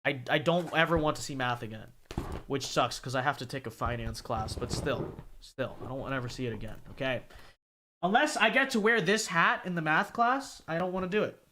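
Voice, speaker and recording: A man's voice: a little high, a little fast, a little hiss or hum. A man in his twenties chatting casually and sarcastically on a livestream while reading donations aloud. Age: 20s. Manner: animated, sarcastic, rambling, keeps saying okay.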